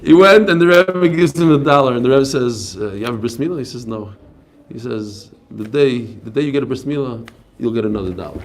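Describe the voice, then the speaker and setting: A man giving a daily Talmud class, telling stories with quick asides. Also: mid-range voice, a little hiss or hum. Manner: animated storytelling, quick asides. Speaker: Talmud teacher. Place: study hall class.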